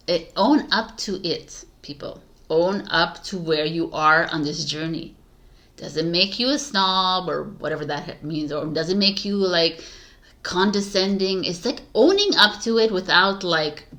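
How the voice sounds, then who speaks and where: A woman's voice: fairly low pitch, fairly bright tone. A woman talking as a tarot reader in a casual spiritual monologue, rambling with many fillers and frequent laughter.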